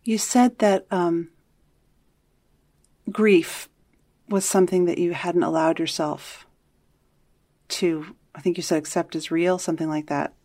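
Deep-voiced woman interviewer, gently probing. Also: fairly even intonation, a little slow, long pauses. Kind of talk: interview questions.

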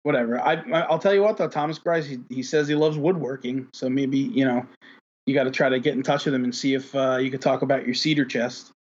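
A man with a husky, slightly raspy voice hosts a podcast in loose, casual chat. He rambles, stacks up filler words and swears freely. The recording sounds dull and lo-fi. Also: medium pitch, fairly even intonation, fast talker. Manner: rambling, heavy on fillers, profane. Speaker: podcast host.

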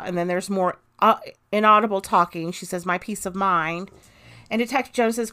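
A woman's voice: medium pitch, fairly quick, fairly bright tone. A woman hosting a true crime podcast, reading an interrogation transcript aloud and adding her own comments. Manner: reads quoted interrogation lines plainly, adds commentary. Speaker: podcast host.

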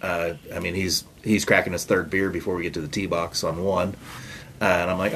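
Male podcast co-host, low-pitched, rambling storyteller, filler-heavy, faint background noise. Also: fairly quick. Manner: rambling, lots of uh fillers, acts out quotes. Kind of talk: casual storytelling chat.

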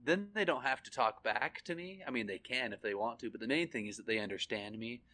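Brief: male co-host, mid-pitched, playful and joking, casual banter. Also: brisk, sharp tone. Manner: joking, puts on silly voices. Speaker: podcast co-host. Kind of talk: casual chat.

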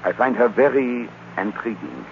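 A man's voice: lowish voice, sing-song, normal speed, very noisy. A man playing a fussy, polite Belgian detective with a French-speaking Belgian accent, in a 1940s radio drama, talking in a florid, precise way and dropping in French words. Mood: suave. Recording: dull lo-fi old radio recording.

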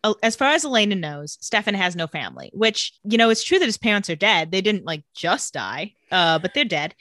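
A woman's voice: medium pitch, a little fast, dry recording, clean studio sound. A woman co-hosting a podcast, casually retelling a TV episode and acting out the characters' lines as she goes. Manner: lively storyteller who acts out characters' lines. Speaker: podcast co-host. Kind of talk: casual TV episode recap chat.

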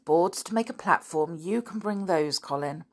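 Brisk, cheerful boy leader in a storybook, a woman reading the part. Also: lowish voice. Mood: eager. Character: eager boy club leader, bossy and cheerful.

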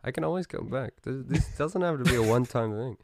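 An Australian man chatting as a podcast guest, playful and quick to laugh. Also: medium pitch, animated, noisy background. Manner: playful, laughing often, jumping into others' lines. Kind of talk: casual podcast banter.

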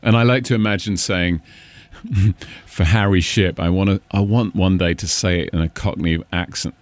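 Deep-voiced Englishman from Cambridge. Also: fairly even intonation, moderate pace, no room sound. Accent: English, Cambridge area. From England. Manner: chatty, laughs often, enjoys rolling names off the tongue. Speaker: stadium announcer, guest. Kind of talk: casual interview chat.

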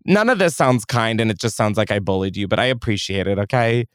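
Profane, animated male podcast host. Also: fairly low pitch, brisk, smooth, no room sound, clean studio sound. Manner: joking, profane, animated storytelling. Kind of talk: casual podcast chat.

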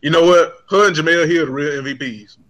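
A man in casual chat with a bright, forceful tone that sits a touch high. He talks in an animated, profane way, often laughing through his stories. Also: a little fast. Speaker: podcast co-host.

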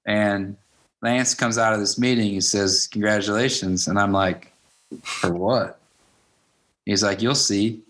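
A man in his fifties, a high school wrestling coach, telling stories in a casual interview and acting out the dialogue. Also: fairly bright tone. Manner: anecdotal, acts out quoted dialogue with "I'm like".

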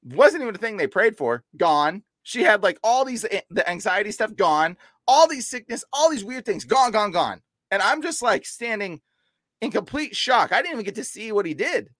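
A young man as a podcast guest, telling an animated story and acting out quotes with sudden jumps in pitch. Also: moderate pace, no room sound. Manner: excitable, acts out quotes with big pitch jumps. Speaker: podcast guest, deliverance minister. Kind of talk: animated storytelling in casual chat.

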